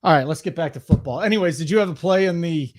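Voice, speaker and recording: A man's voice: fairly high pitch, fast. A man hosting a sports-betting podcast, who tells rambling, jokey stories in casual chat. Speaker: podcast host.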